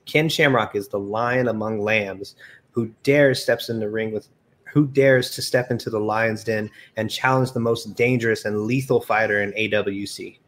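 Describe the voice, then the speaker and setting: A man's voice: lowish voice, steady tone, normal speed. A man narrating a wrestling game story casually to friends, reading the text aloud with laughs.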